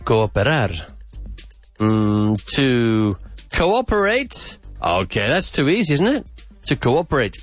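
A man hosting a podcast vocabulary lesson, repeating words slowly and with emphasis. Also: mid-range voice, big pitch swings, faint music behind. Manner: slow, emphatic repetition of words. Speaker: English teacher and podcast host.

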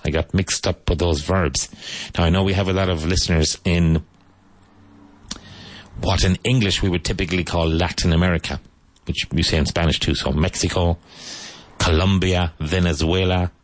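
A man hosting a radio-style English lesson, repeating words slowly and pointing out which syllable takes the stress. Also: low voice, fairly even intonation, no echo. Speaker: English teacher.

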